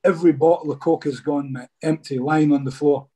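A middle-aged man tells stories in a chatty, casual way, calling his listener "mate" again and again. His voice is husky and dark, with a mellow, low-lying tone. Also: fairly even intonation, a little fast. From Scotland. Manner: chatty, peppers speech with "mate". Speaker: former footballer guest. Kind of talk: casual interview storytelling.

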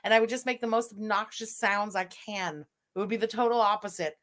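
A woman's voice: mid-range voice, a little fast, a bit bright. A woman giving sarcastic, swearing reaction commentary on a livestream. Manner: sarcastic, scathing, swears freely.

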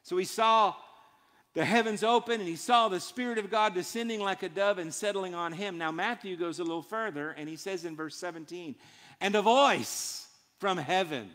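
A man's voice: high voice, fairly quick, fairly bright tone. A man preaching a sermon in a church, emphatic and built on short repeated phrases. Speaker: pastor. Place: church sanctuary. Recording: long hall reverb.

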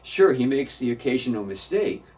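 A man's voice: medium pitch, sing-song, moderate pace, a little mellow, recorded from a distance. A man preaching a sermon as pastor in a church, earnest and emphatic, often repeating words as he builds a point.

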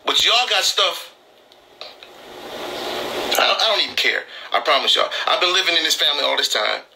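A man's voice: a little high, very animated, moderate pace, creaky, bright, forceful tone, poor audio. Heated, emphatic man on a live stream. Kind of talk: impassioned live-stream talk.

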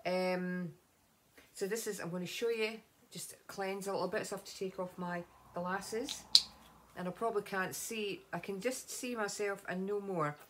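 A woman's voice: medium pitch, fairly even intonation, normal speed, background noise. Chatty Scottish woman vlogging at home. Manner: chatty, rambling, with many ums and asides. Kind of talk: casual beauty vlog.

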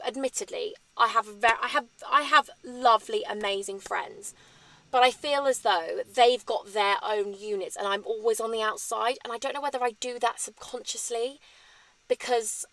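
Woman in her thirties, vlog host, candid and tangent-prone, slightly high voice, dry close sound. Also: fairly bright tone, no echo. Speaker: vlogger. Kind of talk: chatty sit-down vlog.

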